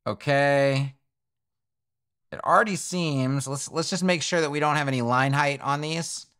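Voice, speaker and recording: A man's voice: a little high, a little slow, a bit bright, clear, resonant tone. A man giving a screen-recorded coding tutorial, thinking aloud and correcting himself as he clicks through settings. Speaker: web development tutor.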